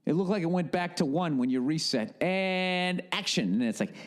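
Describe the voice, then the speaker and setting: A middle-aged man, hosting a podcast in an animated, swearing comedic rant with acted-out asides. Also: a little high, fast talker. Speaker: podcast host.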